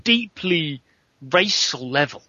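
A man on a gaming podcast panel, talking in animated, emphatic complaint. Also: on the high side, slow pace, highs cut off. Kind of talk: casual chat.

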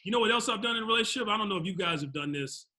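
A man's voice: sits high, expressive, racing, pushed and bright. A young man co-hosting a talk show, chatting bluntly and profanely and laughing often. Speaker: podcast co-host. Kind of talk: crude casual chat.

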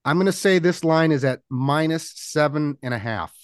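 A man's voice: a little high, moderate pace, clear, resonant tone, dry recording, studio quality. A man co-hosting a casual sports betting chat, chatty and rambling, laughing often. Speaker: podcast co-host making picks.

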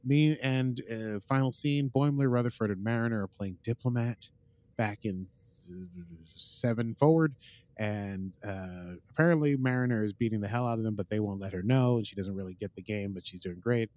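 A man's voice: lowish voice, moderate pace, darkish tone, dry recording. A man hosting a podcast, casually recapping an episode in a playful, jokey way that drifts into silly bits. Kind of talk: casual chat.

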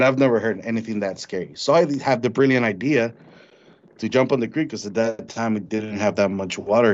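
A man recounting a frightening encounter in an interview, halting and repeating words as he tells it. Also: mid-range voice. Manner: halting, repeats words when shaken, mimics animal sounds. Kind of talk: storytelling in an interview. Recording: dull lo-fi recording.

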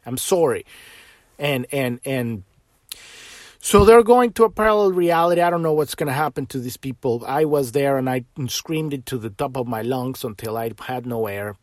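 A man hosting a podcast in an impassioned spiritual monologue, swearing freely and swinging between loud outbursts and soft trailing words. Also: mid-range voice, normal speed, no echo, studio quality. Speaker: podcast host.

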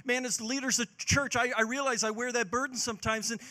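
High, bright-voiced preacher man. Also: steady tone, fast talker. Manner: passionate preaching, swings from loud to hushed. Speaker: pastor. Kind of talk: sermon.

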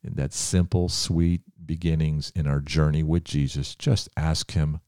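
A man's voice: very deep voice, level tone, a little slow, few pauses, mellow, dry recording, studio quality. An older man preaching a fervent sermon as a pastor, building to emphatic praise.

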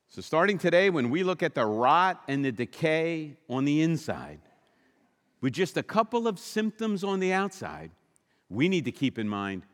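A man's voice: mid-range voice, big-room sound. A male pastor preaching a sermon in an emphatic, conversational way, asking the congregation questions in a church sanctuary.

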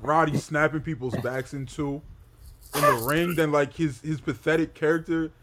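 A man co-hosting a podcast who speaks in an animated way, swearing casually. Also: fairly high pitch, moderate pace, heavy background noise. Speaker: podcast co-host. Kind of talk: casual wrestling chat.

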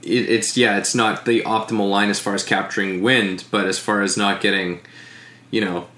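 A man in casual conversation, speaking haltingly with many fillers and restarts. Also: fairly low pitch, little pitch movement, sharp tone, echoey room. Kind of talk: casual podcast chat.

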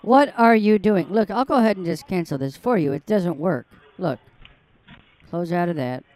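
A woman's voice: lowish voice, animated, normal speed, darkish tone. An older woman baiting a scammer on a prank phone call, mocking and taunting him crudely. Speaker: scam baiter on a call.

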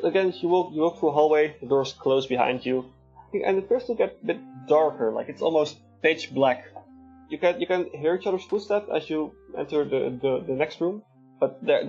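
A man with a slightly higher voice runs a tabletop game, describing rooms haltingly and pausing on fillers. The sound is dull and lo-fi, and faint music plays behind him. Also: dark tone. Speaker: game master.

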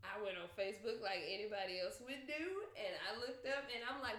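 A young woman telling a story in casual chat, animated and profane, with bursts of laughter. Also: medium pitch, a little fast, hardly any pauses. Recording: roomy echo.

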